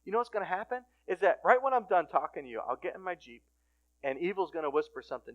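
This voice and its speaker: A middle-aged man giving a casual, animated sermon at a recovery ministry, swinging from hushed asides to loud emphatic points. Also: high voice, fast, dull audio. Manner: casual conversational phrasing with restarts.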